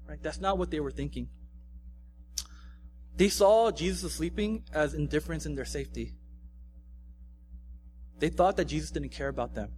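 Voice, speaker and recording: Young male pastor, slightly high voice, casual conversational sermon, faint hum in the recording. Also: expressive, moderate pace, long pauses, darkish tone. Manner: casual, conversational, frequent "right?" tags.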